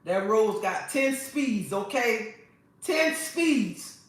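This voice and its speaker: A woman's voice: a little high, animated, very slow. Sassy woman livestreaming from an echoey room. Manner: sassy, preachy, calls viewers honey. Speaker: livestream host. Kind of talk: casual livestream chat. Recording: echoey room, mic at a distance.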